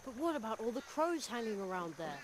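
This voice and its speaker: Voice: medium pitch, very animated, fairly quick, slight background noise, close to an everyday voice. Actor voicing an earnest, curious young boy. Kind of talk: video game voice acting. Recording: game audio under music.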